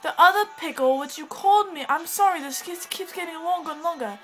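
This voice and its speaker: At home indoors with her cat, a vlogger chats to her camera in a fake English accent, scattered and bubbly, giggling and breaking off mid-thought. Her voice is very high-pitched and a little fast, with faint music behind and rough recording quality.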